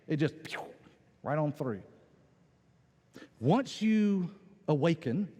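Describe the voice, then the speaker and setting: A man preaching a lively sermon, his voice higher than most men's and swinging widely in pitch. He acts out quoted voices as he goes. The sound carries a long reverb from the church hall around him. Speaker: pastor. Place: church sanctuary.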